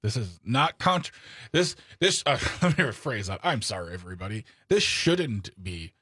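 A man's voice: fairly low pitch, very animated, normal speed, pushed and bright, slightly rough, dry recording, clean studio sound. A man from Wisconsin co-hosting a political talk show, opinionated and sarcastic, with exasperated outbursts.

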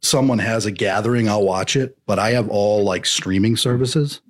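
A man's voice: fairly low pitch, moderate pace. A man chatting casually as a podcast co-host, rambling and playful. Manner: rambling, playful, slips into mock accents. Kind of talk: casual chat.

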